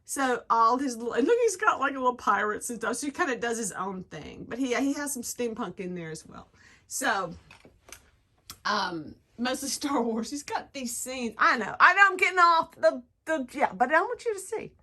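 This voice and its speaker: A middle-aged woman, chatting in a casual home vlog, gushing and getting emotional in excited bursts, recorded on a handheld phone indoors. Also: fairly high pitch, normal speed. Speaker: craft vlogger. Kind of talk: casual chat.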